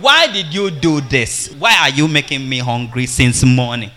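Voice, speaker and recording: A man's voice: lively intonation, moderate pace, sharp tone. A man preacher putting on the voice of an upset, tearful wife complaining shrilly. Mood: whining. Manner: shrill, whining reproach.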